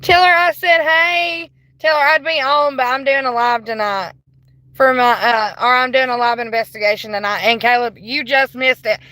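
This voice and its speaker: Woman streaming a ghost hunt from her car phone, bright and a bit high, polite then gushing. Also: moderate pace, no room sound, low-quality recording. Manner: polite to spirits, bursts of excited squealing. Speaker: paranormal livestreamer. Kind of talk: livestream ghost investigation. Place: inside a car.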